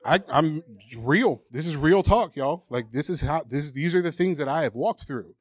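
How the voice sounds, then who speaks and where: A man's voice: on the high side, lively intonation, normal speed, no room sound. A man preaching a sermon, emphatic and candid, reading scripture aloud and acting out the doubting voices people hear. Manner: emphatic, candid, acts out mocking inner voices.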